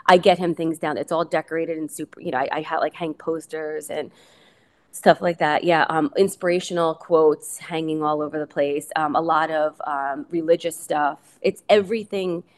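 A middle-aged woman, a coach's wife, appears as a guest on an interview podcast and talks casually and ramblingly, full of fillers and restarts. Her voice is deep with fairly even intonation, at normal speed.

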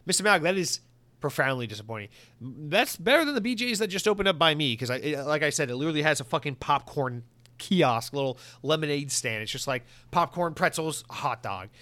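A young man hosting a podcast, reading listener comments in a rambling, profane, animated way on a close mic. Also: a little high, brisk. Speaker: podcast host.

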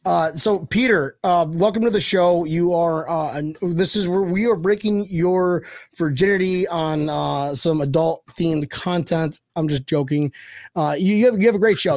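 Crude, joking co-host, man, a bit high-pitched, dry close recording. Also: darkish tone, no room sound. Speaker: podcast co-host. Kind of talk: casual podcast chat.

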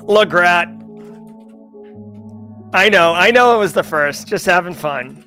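A man's voice: high voice, expressive, slow pace, bright, forceful tone, soft background music. A middle-aged man with a mild Massachusetts accent, hosting a cybersecurity livestream and chatting loosely and jokily with viewers. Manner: jokey and loose, lots of "like" and restarts. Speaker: host of a daily cybersecurity news livestream. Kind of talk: casual livestream chat with viewers.

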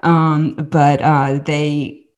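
Low-voiced woman telling her story. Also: extremely slow. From Southern United States. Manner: animated storyteller, many restarts and asides. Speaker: podcast guest. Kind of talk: candid personal testimony.

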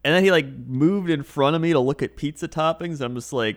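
A man's voice: a little high, quick pace, hardly any pauses, fairly bright tone. A man co-hosting a casual chat podcast, telling anecdotes with laughs and put-on voices. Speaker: podcast co-host.

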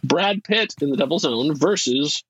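Lively playful man co-hosting a movie podcast. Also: a little high, normal speed, husky, dry recording, highs cut off. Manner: playful, laughs often, jokes about accents. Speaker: podcast co-host. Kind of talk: casual movie chat.

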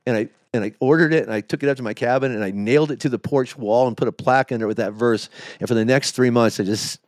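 A man's voice: medium pitch, quick pace, darkish tone, no room sound. A middle-aged man, a pastor being interviewed, telling his story in a candid, emotional, confessional way that halts at the hard moments. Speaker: pastor, podcast guest.

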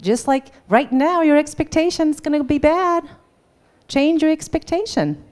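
A woman's voice: high voice, normal speed. A woman teaching a live class in a conversational way, often checking in with her listeners and acting out bits of dialogue. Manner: animated, acts out quoted dialogue. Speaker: workshop teacher.

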